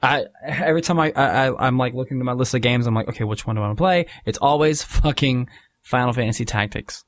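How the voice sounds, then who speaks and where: A man's voice: medium pitch, quick pace. A man co-hosting a podcast in casual chat who explains things at length. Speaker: podcast co-host.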